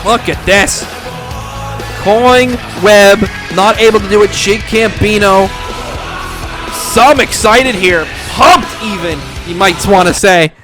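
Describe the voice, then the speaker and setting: A young man doing profane, excitable play-by-play for a hobby wrestling show, swearing constantly and breaking into shouted hype. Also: high-pitched, slow pace, over music. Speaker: fake wrestling commentator.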